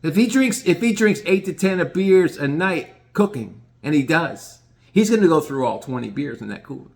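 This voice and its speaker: A man's voice: on the high side, animated, normal speed, vocal fry. A man casually telling a rambling, profane story, often restarting his sentences.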